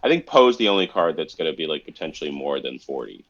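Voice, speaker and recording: Male co-host, very deep, muffled lo-fi mic, loose chatty delivery. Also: sing-song, fast talker. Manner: conversational, fillers like "like". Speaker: podcast co-host. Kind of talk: casual chat. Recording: dull lo-fi mic.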